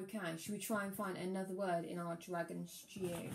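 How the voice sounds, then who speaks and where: A woman teaching a phonics lesson to young children, encouraging them and sounding out words slowly. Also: fairly low pitch, level tone, reverberant. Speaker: primary school teacher.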